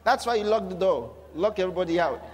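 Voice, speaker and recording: A man preaching a sermon in a notably high voice, with vivid humor. He drives his points home through emphatic repetition and lively asides. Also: fast, slight background noise. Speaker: pastor.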